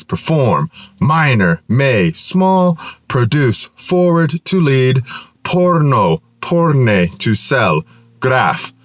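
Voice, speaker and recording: A man's voice: medium pitch, a bit bright, dry recording. Preachy man with a dry-sounding voice. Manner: repeats "right?" constantly, chuckles, preachy. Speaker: channel host. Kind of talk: casual rambling monologue.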